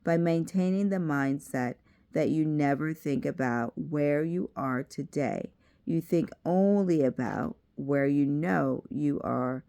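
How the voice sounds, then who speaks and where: A woman's voice: low voice, slow, creaky, mellow, exaggerated voice. A woman reading aloud as a cheerful, earnest male South African educator. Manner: upbeat and earnest.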